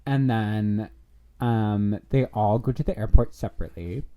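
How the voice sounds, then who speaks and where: A woman co-hosting a podcast in a casual chat, animated and chatty, filling her talk with ums and likes. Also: rumbling low, measured pace. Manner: animated, chatty, with many fillers. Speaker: podcast co-host.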